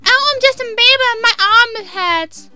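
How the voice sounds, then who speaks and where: A woman putting on a mocking impression of a whiny young male pop star, high and sing-song. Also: a little slow, sharp tone, soft background music, exaggerated voice. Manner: mocking, exaggerated complaining.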